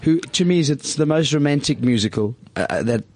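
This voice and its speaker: A man's voice: medium pitch, lively intonation. A man with a South African accent hosting a radio show, giggling and theatrical in playful studio banter. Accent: South African English. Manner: giggly, camp and theatrical, quick to laugh.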